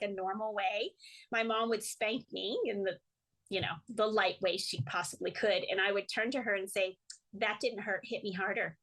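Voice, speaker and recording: A woman guest in an interview, telling lively stories, often laughing and acting out the voices of the people she quotes. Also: fairly high pitch, poor audio. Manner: animated storyteller, laughs often. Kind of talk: casual storytelling interview.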